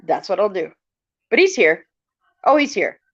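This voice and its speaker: A middle-aged woman, chatting casually on a live stream and telling animated stories, often acting out the lines of the people in them. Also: medium pitch, normal speed. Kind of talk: casual storytelling chat. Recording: muffled lo-fi live stream audio.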